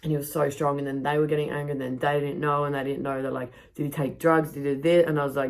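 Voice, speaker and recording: A woman's voice: deep voice, level tone, fast, few pauses, darkish tone. A young woman hosting a podcast outdoors, telling a story in a rambling, casual way, swearing a lot and filling her speech with "like". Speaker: podcast host. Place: backyard outdoors.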